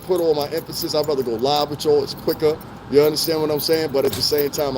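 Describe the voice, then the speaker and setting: A man's voice: fairly high pitch, background noise. A middle-aged man chatting loosely to his live-stream viewers on a city street, full of swearing and laughter. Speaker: livestream host.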